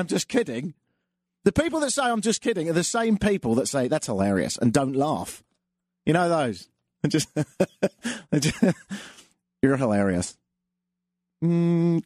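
A man's voice: fairly high pitch, a little mellow, no echo. A man hosting a call-in radio show, telling stories and jokes in a dry, self-mocking way. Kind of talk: casual monologue with jokes.

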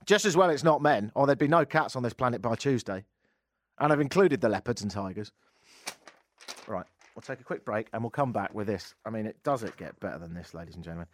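A man's voice: fairly low pitch, expressive, fairly quick, no room sound. A man hosting a radio talk show from a studio mic, reading odd news stories and cutting in with sarcastic, jokey asides. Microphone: studio microphone.

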